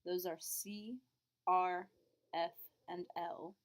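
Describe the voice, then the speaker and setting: A woman's voice: on the low side, little pitch movement, drawn-out words. Woman teaching a French lesson. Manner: clear, patient explaining, exaggerated question intonation in examples. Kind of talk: classroom lesson.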